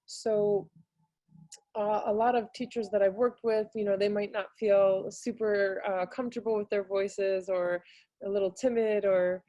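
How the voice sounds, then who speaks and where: A woman's voice: fairly even intonation, measured pace, warm tone, no echo. A woman giving a casual, filler-heavy webinar talk on a video call. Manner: casual and hesitant, many fillers, bursts into high singing demonstrations. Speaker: music teaching artist presenter.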